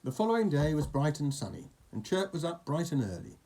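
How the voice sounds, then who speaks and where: A man's voice: a little high, wildly swooping pitch, brisk, mellow. A man reading a picture book aloud to a child, with playful, chatty asides.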